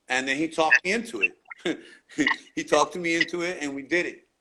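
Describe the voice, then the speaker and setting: Speaking fairly quickly in a higher-pitched voice, a New York man recounts graffiti tales during a laid-back interview. He curses freely and uses street slang while loud background noise fills the recording.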